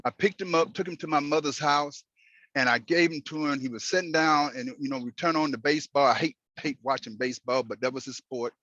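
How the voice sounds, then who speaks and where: A man telling a personal story while driving, in an earnest, halting way with many restarts. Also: on the high side, fairly bright tone, dry recording, muffled recording. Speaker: host. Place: in a moving car.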